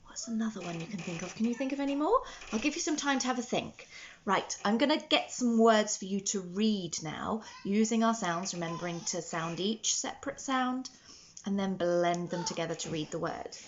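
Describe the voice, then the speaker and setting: A woman teaching a children's phonics lesson, sounding out words slowly and praising often. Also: mid-range voice, expressive, lo-fi sound, a little hiss or hum. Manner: slow, sounding out words letter by letter with encouraging praise.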